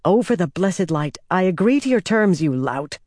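A man reading an audiobook, voicing a sharp-tongued, proud woman leader with crisp, exasperated retorts. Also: fairly low pitch, lively intonation, normal speed, dry recording. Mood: tart.

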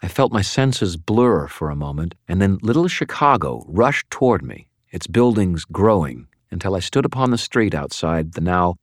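A man narrating a novel in the first person, measured and calm. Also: sits low, no room sound, studio quality. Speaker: audiobook narrator.

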